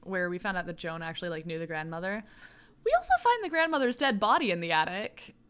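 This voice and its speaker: A woman co-hosting a podcast, recapping events in a relaxed conversational way with frequent "um" and "like". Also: fairly low pitch, fast talker, clear, resonant tone. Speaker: podcast co-host. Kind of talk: casual podcast chat.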